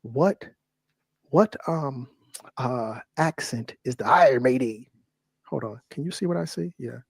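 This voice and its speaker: A man's voice: mid-range voice, animated, a little slow, gravelly, breathy edge, no room sound. A man co-hosting a casual livestream, who reads from a web search and keeps asking joking questions.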